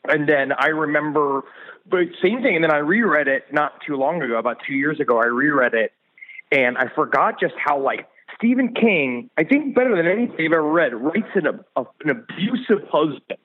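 A man calling in as a podcast guest, riffing loudly with profane, rambling comic bits. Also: a little high, lively intonation, moderate pace, no room sound, phone-quality sound. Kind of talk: casual chat. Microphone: remote line.

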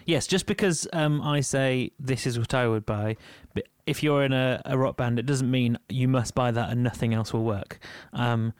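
A man's voice: mid-range voice, moderate pace, hardly any pauses, clean tone, no room sound, studio quality. A man with a Yorkshire accent co-hosting a music podcast in casual chat, full of ums and little laughs. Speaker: podcast co-host.

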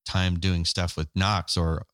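A man's voice: low voice, slow pace, clear, resonant tone, no room sound, studio quality. A man co-hosting a parenting podcast with his wife, chatting casually, acting out the dialogue in his anecdotes and chuckling between points. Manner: animated storyteller who acts out quoted dialogue. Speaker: co-host of a Christian parenting podcast.

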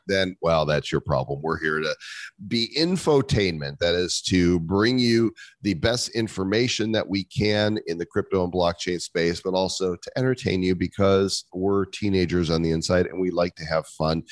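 A man's voice: sits low, no echo, clean studio sound. A man hosting a crypto podcast, reading a scripted intro and then chatting and joking with his co-host. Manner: lively, jokey, laughs often.

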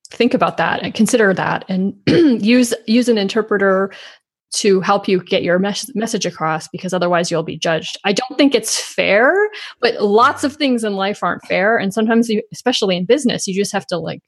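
A woman's voice: mid-range voice, normal speed. Frank woman co-hosting a podcast. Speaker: podcast co-host. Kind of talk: casual panel chat.

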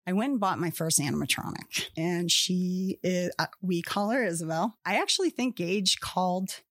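A woman's voice: fairly low pitch, moderate pace, dry recording, clean studio sound. A woman chatting casually as a podcast guest, rambling along with lots of fillers and restarts.

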